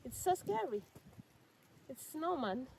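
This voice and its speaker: A young woman with a Rwandan accent, whose first language is Kinyarwanda, talks into a phone camera outdoors in the snow. Her voice sits high and leaps about as she cheers her son on, and a faint hiss of background noise runs under it. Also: slow, creaky. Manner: animated, coaxing, mixes English with Kinyarwanda, laughs often. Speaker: vlogger filming with her son. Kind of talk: casual outdoor vlog.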